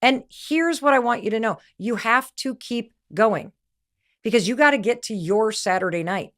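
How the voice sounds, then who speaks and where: A woman's voice: fairly high pitch, normal speed, a bit bright. A middle-aged woman giving a motivational talk, candid and emphatic, telling stories and acting out what people said. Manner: candid, emphatic storytelling with quoted voices. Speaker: podcast host and speaker.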